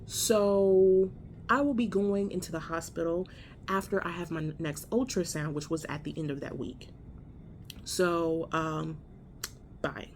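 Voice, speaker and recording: A woman's voice: lowish voice, fairly even intonation, a little slow, a little hiss or hum. A woman telling a story in a casual vlog from a hospital room, blunt and profane, exasperated as she recounts it. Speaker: vlogger.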